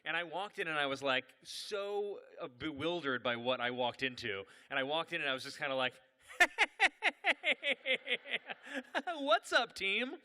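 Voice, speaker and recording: A man hosting an event and telling stand-up stories in an animated, self-mocking way. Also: mid-range voice, brisk, few pauses, smooth, in a large hall. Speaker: comedian and event host. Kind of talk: live stand-up storytelling.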